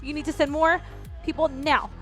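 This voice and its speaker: A woman's voice: high voice, steady tone, moderate pace, fairly bright tone, faint music behind. A woman player in a tabletop role-play game, chatting playfully and laughing between in-character lines. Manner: giggly, playful in-character chat.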